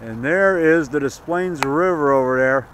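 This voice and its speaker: An indie horror filmmaker gives a rambling walking tour vlog of an outdoor forest preserve by a river. His voice is on the high side and fairly bright, at a moderate pace, with a little hiss or hum; he's chatty and enthusiastic, repeating himself and chuckling.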